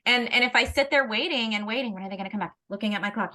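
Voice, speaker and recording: A woman in a candid conversation on parenting, expressive and fond of acting out little scenes. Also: on the high side, very fast, hardly any pauses. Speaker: parenting educator.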